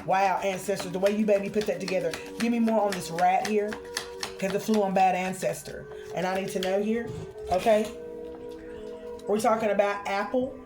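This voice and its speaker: A woman doing a spiritual card reading for her viewers, expressive and chatty, calling them honey and y'all. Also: medium pitch, moderate pace, music in the background.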